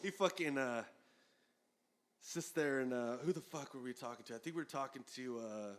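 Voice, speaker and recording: Profane, animated man telling a story. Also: medium pitch, moderate pace. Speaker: former metal band guitarist, podcast guest. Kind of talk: casual storytelling chat. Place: house party.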